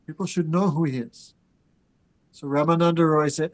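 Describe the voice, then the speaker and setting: A man leads a scripture class, his voice sitting a little high for a man. He chants verses in Sanskrit and Bengali, then explains them in plain talk and turns to address his students directly. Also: moderate pace, poor audio. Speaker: spiritual teacher.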